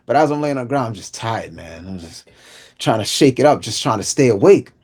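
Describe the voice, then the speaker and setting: Man telling a vivid personal story. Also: fast talker. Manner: vivid storyteller, acts out quotes with street slang; drops low and quiet at solemn moments. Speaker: inspirational speaker.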